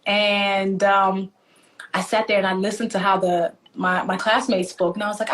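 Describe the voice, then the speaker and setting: A woman from Nigeria, animated and laughing often as she tells stories in a conversational interview. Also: mid-range voice, moderate pace. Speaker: author and guest.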